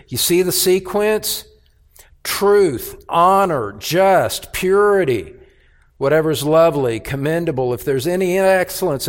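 A man preaching a sermon as pastor, speaking emphatically and repeating key phrases in a measured, deliberate way. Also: a little high.

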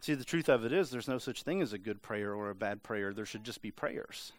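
A man's voice: fairly low pitch, animated, a little fast. A man preaching a casual, conversational sermon, full of "like" and playful mimicry of voices. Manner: conversational, lots of filler "like", mimics voices for humor. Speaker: pastor.

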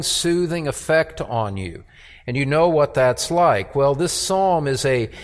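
A male pastor preaching an expository sermon to his congregation, slow and deliberate, repeating key words for emphasis. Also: fairly high pitch. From United States. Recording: long reverb of a church hall.

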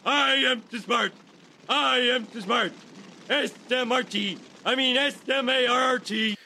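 An actor playing a dim-witted middle-aged cartoon dad who boasts slowly in a high, gravelly voice. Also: male voice, pushed and bright, slight background noise, exaggerated voice, low-quality recording. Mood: boastful.

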